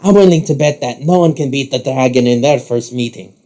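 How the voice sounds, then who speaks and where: A man's voice: mid-range voice, dark tone, lightly acted. A man voicing a flamboyant, showy male challenger who speaks theatrically and stretches his words. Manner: theatrical, drawn-out.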